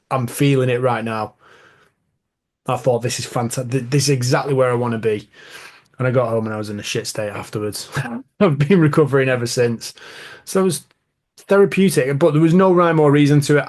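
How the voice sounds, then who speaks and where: Guy hosting a podcast, rambly easygoing storyteller, mid-pitched voice. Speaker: podcast host. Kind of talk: casual podcast chat.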